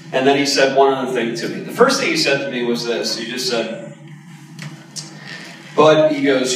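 A man's voice: mid-range voice, fairly bright tone, a little hiss or hum. A man preaching a sermon, telling a personal story in a candid, conversational way with emphatic bursts. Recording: echoey hall, voice from a distance.

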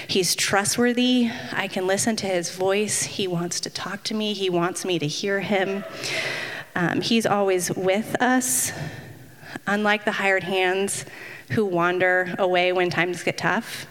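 A woman's voice: medium pitch, a bit bright. A woman in her thirties giving a casual, chatty devotional talk, self-deprecating and full of fillers. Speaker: women's ministry speaker. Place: church hall. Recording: long hall reverb.

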